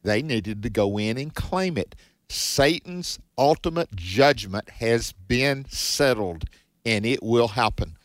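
A man's voice: mid-range voice, lively intonation, slow pace, no echo. A man co-hosting a Bible teaching show, giving earnest, preacherly exhortations in a conversational way.

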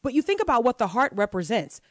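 A woman's voice: on the high side, very animated, quick pace, no echo. American woman on christian radio, earnest preachy tone, dead dry studio sound. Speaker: guest co-host of a Christian talk show.

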